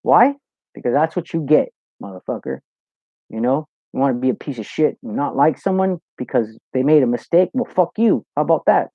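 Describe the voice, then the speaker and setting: A man's voice: medium pitch, expressive, fairly quick, dry recording. Profane, easygoing male livestream host. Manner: loose, profane, storytelling with lots of "you know". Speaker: host of a live Q&A show. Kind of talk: casual livestream chat, reading viewer comments. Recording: dull lo-fi, dry sound.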